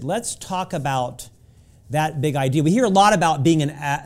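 A man hosting a podcast interview, asking questions in a measured way. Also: on the high side, a little mellow. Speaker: podcast host. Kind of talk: interview conversation.

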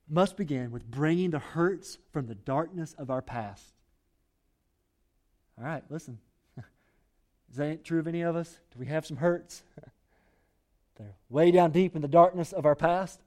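A man's voice: a little high, a little mellow. Emphatic, conversational male pastor preaching. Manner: emphatic and conversational, often saying "listen". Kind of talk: sermon.

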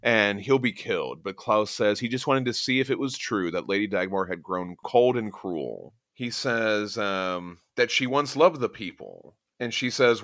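Bright-voiced man recapping a comic. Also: fairly low pitch, expressive, moderate pace, hardly any pauses, dry recording, clean studio sound. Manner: retells scenes with quoted lines. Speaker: podcast host. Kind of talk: casual comic book chat.

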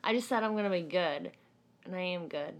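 A woman's voice: fairly low pitch, fairly quick. A woman co-hosting a podcast, chatting casually with dry, sarcastic comebacks. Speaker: podcast co-host.

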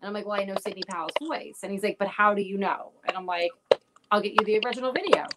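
A woman with a medium-pitched voice talks fast, casually chatting as she tells a story packed with profanity and quoted back-and-forth exchanges. The recording is noisy and has clicks.

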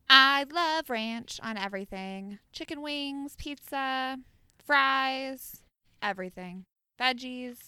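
A young woman co-hosting a casual chat show, giving animated, opinionated takes on food habits. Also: mid-range voice, clean tone, dry recording, clean studio sound. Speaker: podcast co-host.

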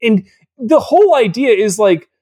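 A man co-hosting a podcast, mocking a movie in casual, animated chat. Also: very high voice, moderate pace, slightly rough. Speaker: podcast co-host.

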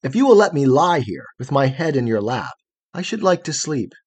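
A man's voice: mid-range voice, big pitch swings, moderate pace, a little mellow, breathy edge. A man playing a proud, frightened young man. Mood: pleading. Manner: indignant, fretful and pleading.

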